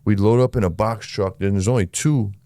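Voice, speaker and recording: Low-voiced, slangy podcast host. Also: male voice, brisk, no room sound, clean studio sound. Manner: slangy, profane, animated storyteller. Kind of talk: casual podcast chat.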